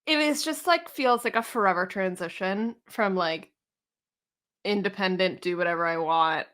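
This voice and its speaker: A young woman co-hosting a morning show, telling a story in an animated, chatty way and laughing often. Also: medium pitch, moderate pace. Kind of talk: casual chat.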